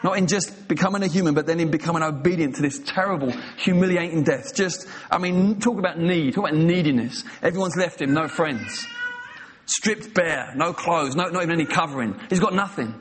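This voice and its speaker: A man's voice: on the high side, a little fast, a little hiss or hum. A man preaching a sermon with passion and emphasis, retelling scenes and pressing his points home. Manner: impassioned, emphatic, acting out scenes in quoted voices.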